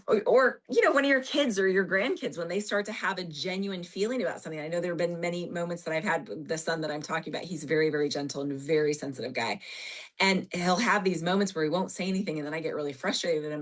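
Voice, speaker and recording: A woman therapist speaking from her office on a podcast, explaining earnestly with animated emphasis. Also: fairly low pitch, quick pace. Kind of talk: podcast conversation.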